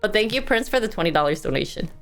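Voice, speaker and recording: A woman's voice: medium pitch, animated, rapid-fire, soft background music. A woman live streamer chatting casually and reading news aloud. She thanks donors and stumbles over hard words.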